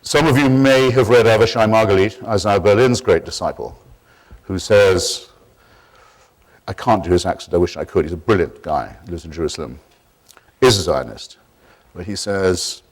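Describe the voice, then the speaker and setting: Wry, measured man lecturing. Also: low-pitched. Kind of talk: public lecture.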